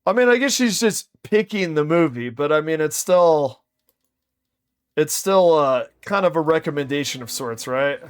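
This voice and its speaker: A male streamer reacting to a video in casual chat. He is slangy, keeps saying "dude" and thinks out loud. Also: fairly high pitch, expressive, moderate pace, clear, resonant tone.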